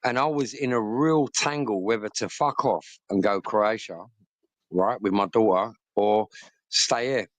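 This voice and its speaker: A middle-aged Englishman in a loose, rowdy chat, swearing freely as he tells his stories. His voice sits on the low side. The sound is dry, with almost no room on it. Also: measured pace, no room sound. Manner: boisterous, heavy swearing, storytelling. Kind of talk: casual chat.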